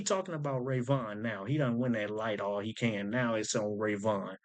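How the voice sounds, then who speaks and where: A man's voice: lowish voice, normal speed. Man, rap breakdown host, casual commentary, conversational explaining, repeats lyrics. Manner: explains wordplay conversationally, repeats lines to unpack them.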